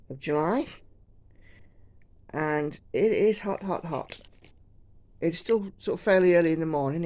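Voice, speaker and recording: With a deep, warm voice on a dry recording, a woman from the UK rambles chattily as she stitches at home. She's a cross-stitch vlogger with a self-deprecating, casual manner.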